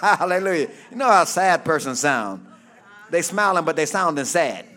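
Fervent male preacher, high and bright, swoops a lot, shouts calls for amen. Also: expressive, moderate pace. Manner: fervent call-and-response preaching, often shouting; reads scripture aloud, then explains it. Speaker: pastor. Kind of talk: sermon.

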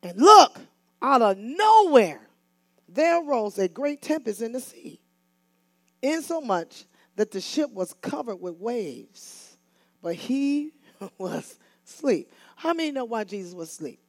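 A woman minister preaching a fiery call-and-response sermon, often rising to shouts. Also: fairly high pitch, big pitch swings, a little slow, no echo.

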